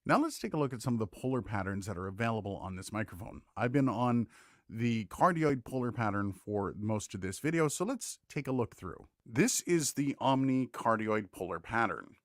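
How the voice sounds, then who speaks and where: A man hosting a casual tech demo as a microphone reviewer, talking straight into a studio condenser mic with lively, joking asides. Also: lowish voice, normal speed, no room sound.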